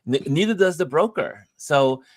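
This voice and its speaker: His fairly high-pitched voice keeps a moderate pace in a dry recording as he hosts a live stream. The chat is casual, and he animatedly acts out the others in his stories.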